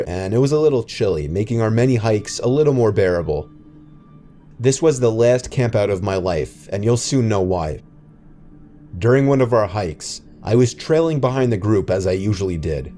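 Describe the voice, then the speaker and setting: A man narrating a true scary story in a steady, scripted storytelling delivery. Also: fairly low pitch.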